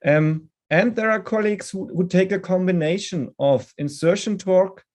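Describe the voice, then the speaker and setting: A man presenting a dental implant lecture in a webinar, then answering questions, measured and often restarting his words. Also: high-pitched, darkish tone. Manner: measured, with frequent restarts and hesitations.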